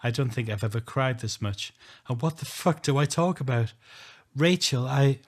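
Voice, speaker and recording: A man's voice: mid-range voice, fairly quick. Earnest male audiobook narrator. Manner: earnest, emotional, rising to shouting. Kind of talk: first-person story narration.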